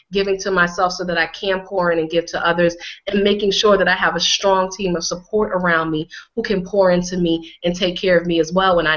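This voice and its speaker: Bright, emphatic woman with a slight hoarseness. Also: on the low side, dull audio. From Connecticut, USA. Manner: emphatic, repeats phrases for effect. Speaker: healing coach, guest. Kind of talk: conversational interview.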